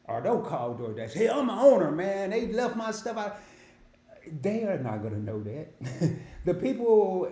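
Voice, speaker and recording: A middle-aged man talks through an app in a loose, slangy, self-joking way. His voice sits a little high and swings up and down a lot, and the room around him rings with echo. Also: dark tone. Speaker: investing channel host. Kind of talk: casual screen-share walkthrough.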